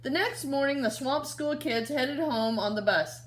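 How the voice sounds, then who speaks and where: Expressive woman teacher reading aloud. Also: sits high, measured pace. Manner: expressive, asks the children questions. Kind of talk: reading aloud to young children.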